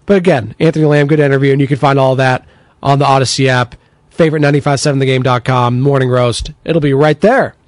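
A man's voice: medium pitch, fast talker, no echo. A man hosting a sports talk radio show, chatting energetically and reading out listener texts. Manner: energetic, chatty, takes text-line messages.

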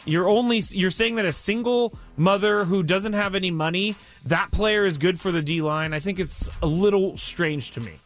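A male sports radio host who mixes banter with live ad reads in an animated way. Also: high voice, moderate pace, hardly any pauses, faint music behind.

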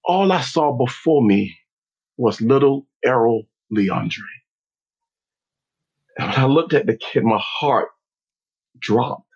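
Man speaker telling his own story, slow and dramatic, husky voice, muffled lo-fi audio. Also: mid-range voice, expressive. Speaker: motivational speaker. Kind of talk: personal storytelling. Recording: dull lo-fi recording.

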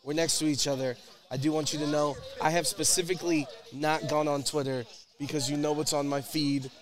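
A man's voice: fairly high pitch, level tone, brisk. A man hosting a casual sports show, joking around with many fillers, seated at a table mic in a media room. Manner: playful, jokey, lots of fillers. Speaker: podcast host. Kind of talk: casual chat. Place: media room at a draft event.

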